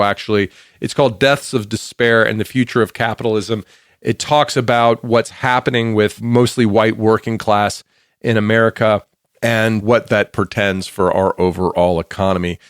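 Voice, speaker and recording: A man's voice: on the low side, dry recording, clean studio sound. A man hosting a podcast, introducing a guest in a chatty, joking, emphatic way. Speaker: podcast host.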